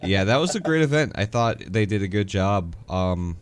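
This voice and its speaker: A man from Arizona with a lowish voice, chatting on a sports podcast. He talks in an easygoing, agreeable way and leans on plenty of uh and um fillers. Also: lively intonation, normal speed, clean tone. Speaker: podcast co-host. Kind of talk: casual chat.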